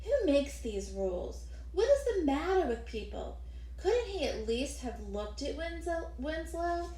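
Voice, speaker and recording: Woman doing a high indignant young boy. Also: sing-song, measured pace, warm tone, reverberant. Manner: protesting, insistent questions. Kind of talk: audiobook character voice.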